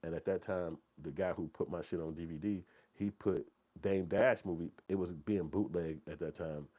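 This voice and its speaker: Deep-voiced man, rambling commentary. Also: moderate pace. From Chicago. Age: 40s. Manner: animated, profane, rambling street talk. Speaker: movie channel host. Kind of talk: casual commentary and storytelling.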